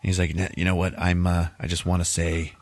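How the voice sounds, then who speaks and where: A man's voice: sits low, level tone, fairly quick, dry recording. A man hosting a podcast, casually retelling a movie plot and laughing often as he quotes the characters. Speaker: podcast host.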